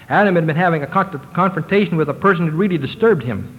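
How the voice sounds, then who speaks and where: A man giving a religious lecture to a congregation, slowing down and lifting his voice when he reads scripture passages aloud. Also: animated. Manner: slows down and lifts his pitch to read scripture quotations aloud. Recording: tinny lo-fi sound with long hall reverb.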